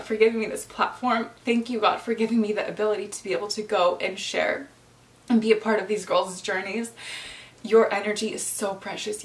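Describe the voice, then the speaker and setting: A woman's voice: mid-range voice, a bit bright, far from the mic. A young woman, a lifestyle coach, talking straight to her viewers in a heartfelt vlog, teary and encouraging as she thanks them. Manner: emotional, encouraging, speaks to viewers as sisters. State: teary, emotional. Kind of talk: heartfelt direct-to-camera vlog.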